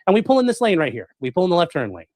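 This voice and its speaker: A man chats to his live audience at a brisk clip, his voice bouncing up and down as the story tumbles out with plenty of fillers. His pitch sits a touch high for a man. The recording is dry and close, with no room echo. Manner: rambling, animated, full of fillers and acted-out quotes. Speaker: streamer telling a story. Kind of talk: casual storytelling to a live chat.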